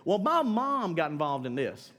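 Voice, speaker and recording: A middle-aged male pastor giving a casual, humorous sermon, slangy and animated, talking straight to the crowd and breaking into shouts. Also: fairly high pitch, normal speed. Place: church sanctuary during a live service. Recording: long church-hall reverb with faint music behind.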